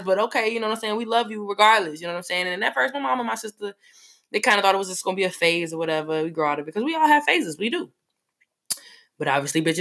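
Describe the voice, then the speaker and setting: A woman telling a personal story in a casual, animated way, full of fillers. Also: fairly low pitch.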